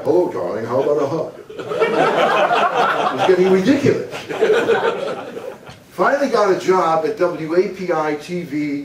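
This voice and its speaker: An older man from the United States gives an animated storytelling talk on humor, laughing at his own jokes and sometimes slipping into a booming announcer voice. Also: noisy background. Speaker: motivational humor speaker. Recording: echoey hall, mic at a distance.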